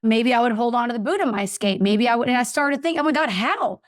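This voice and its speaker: Woman guest on a podcast, kinda high voice, super animated storyteller, dry close mic. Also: fast talker, no room sound. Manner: animated, acts out voices in her anecdotes. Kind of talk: storytelling in a casual interview.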